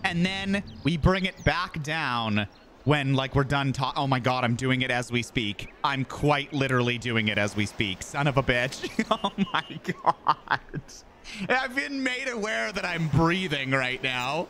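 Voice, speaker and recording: A man's voice: medium pitch, unhurried, sharp tone, a little hiss or hum. A young Canadian man chatting casually on a gaming stream, laughing often as he talks. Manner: giggly, laughs often mid-sentence.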